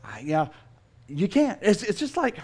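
A middle-aged man preaching a sermon as a pastor, telling stories in an animated, self-mocking way. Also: sits high, measured pace, breathy edge.

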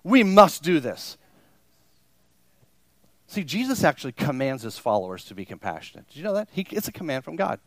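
At a church service, a pastor preaches to his congregation in a mid-range voice with big pitch swings, speaking fast with few pauses and no echo. He is emphatic, repeats phrases for stress, and often acts out how his listeners might react.

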